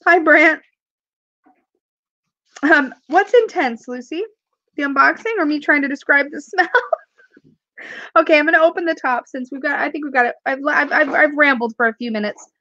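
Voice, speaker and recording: During a live-stream unboxing, a tarot creator with a cough sucks on cough drops as she rambles, laughs and reads comments aloud to viewers. She speaks at normal speed in a high, bright, forceful voice with long pauses, and the recording is muffled with no echo.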